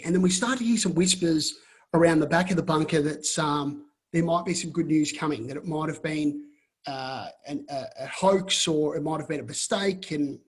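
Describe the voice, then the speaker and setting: An Australian man with a husky, slightly breathy voice that sits on the higher side for a man. He tells a long story over a video call in an animated way, often stopping to restart his phrases. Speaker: guest. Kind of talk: casual storytelling.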